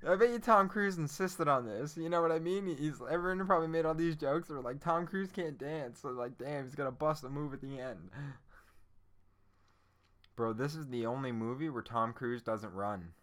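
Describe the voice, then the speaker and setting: A man's voice: a little high, moderate pace. A young man hosting a podcast, chatting loosely about a movie with frequent swearing and bursts of laughter. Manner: excitable, profane, laughing bursts. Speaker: podcast host. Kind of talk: casual movie chat.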